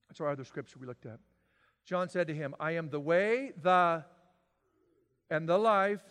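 A man preaching a sermon, swinging from loud, emphatic declarations to quiet, drawn-out lines. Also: high voice, big-room sound. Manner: dramatic swings from shouting to near-whisper. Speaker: pastor.

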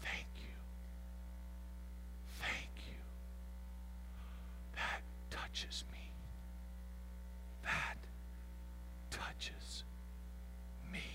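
A man voicing God in a soft, hushed, tender whisper during a sermon. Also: medium pitch, steady tone, normal speed, noisy background, lightly acted. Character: God as a tender, delighted male voice.

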